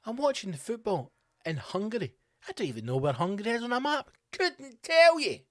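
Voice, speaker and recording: A man rants through a comedic podcast monologue, his pitch swinging wildly as he heaps sarcasm on his targets. His voice sits a touch high for a man, and the recording is close and dry. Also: fast, no room sound. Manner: sarcastic, sweary, animated rant. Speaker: podcast host.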